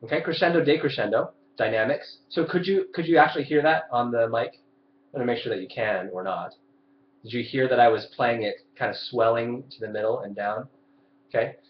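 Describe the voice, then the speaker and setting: A young man runs a live violin lesson from a room at home, explaining points and quizzing his viewers. He talks at a mid pitch. His webcam mic gives the audio a dull tone and a roomy echo with faint background noise. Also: a little fast. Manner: explains and demonstrates, asks viewers questions. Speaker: violin teacher.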